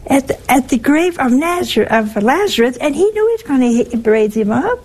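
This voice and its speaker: A woman's voice: high voice, very animated, normal speed, hardly any pauses, darkish tone, breathy edge, low-quality recording. A woman giving a spiritual teaching talk, wry and teasing, with emphatic turns. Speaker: religious speaker.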